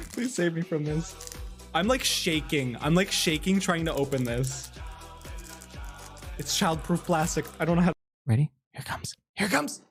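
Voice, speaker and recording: A man casually commenting on a game as he plays, excitable and joking, swearing and laughing often. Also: a little high, unhurried, pauses often, soft background music. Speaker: streamer.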